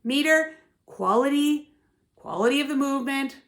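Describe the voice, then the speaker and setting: A ballet teacher, a woman with a somewhat high voice, explains her craft with emphasis and a sense of rhythm. She keeps checking in with her listeners, asking "yeah?" and "right?" as she goes. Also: moderate pace, fairly bright tone. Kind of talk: teaching tips to camera, with sung counts.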